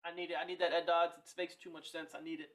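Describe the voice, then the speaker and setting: Animated, profane young man co-hosting. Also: a little high, fast talker. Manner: animated and profane, laughs often. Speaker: podcast co-host. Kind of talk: casual sports chat.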